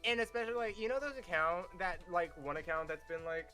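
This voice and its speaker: Bright, exasperated podcast co-host voice. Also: mid-range voice, fast, soft background music. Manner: exasperated, swears a lot, many "like"s. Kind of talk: casual podcast chat.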